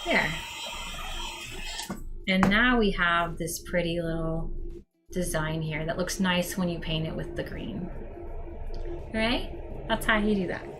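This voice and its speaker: A woman's voice: lowish voice, slow pace, pauses often, over music. A young woman hosting a casual cosplay crafting stream, talking straight to her viewers with plenty of ums as she works. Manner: chatty, talks to viewers as "you guys", many ums. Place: home craft room.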